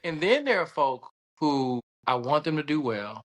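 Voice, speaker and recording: A man with a Southern American accent, a guest telling stories in casual conversation, animated and laughing often as he acts out voices. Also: on the high side, normal speed. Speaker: podcast guest, surgeon and state senator.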